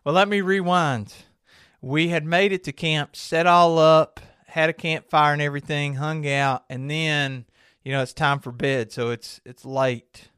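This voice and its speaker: A man's voice: on the high side, fairly even intonation, unhurried, fairly bright tone, clean tone, no room sound. A man with a slightly raised voice, chatting loosely on a podcast. He rambles through his stories and laughs easily. The sound is close and dry, with no room around it. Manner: rambling storyteller, laughs often. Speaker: podcast co-host. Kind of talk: casual chat.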